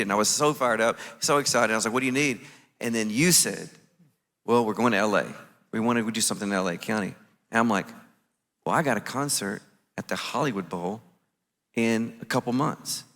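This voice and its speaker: A man's voice: medium pitch, a little fast, some chatter behind. A man telling a story to a conference audience from the stage, acting out his own reactions as he goes. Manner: animated, acts out his own quoted reactions. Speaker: conference speaker. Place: conference stage in a large venue. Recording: echoey large hall.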